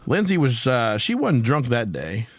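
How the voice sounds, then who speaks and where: A man's voice: mid-range voice, huge pitch swings, unhurried, no room sound. A man hosting a casual podcast, rambling through a story and swearing often. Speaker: podcast host. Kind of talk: casual chat.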